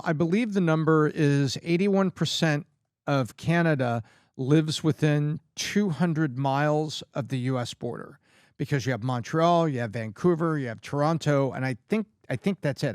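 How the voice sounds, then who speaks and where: A man's voice: a little high, normal speed, darkish tone, no echo, studio quality. Man thinking aloud on a podcast. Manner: thinking aloud, self-correcting. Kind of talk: casual podcast discussion.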